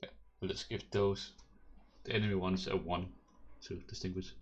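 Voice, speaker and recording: A man serves as game master for a tabletop game, his voice sitting very low. He talks casually, laughs along with his players and patiently explains how the rules work. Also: level tone, normal speed, muffled recording.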